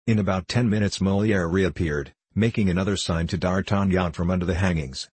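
Deep husky male audiobook narrator. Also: no echo. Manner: measured, even reading. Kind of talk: scripted narration of a classic novel.

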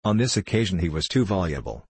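Deep-voiced guy reading an old novel aloud, husky tone, dry close sound. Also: big pitch swings, fast talker, no echo. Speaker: audiobook reader. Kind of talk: scripted narration.

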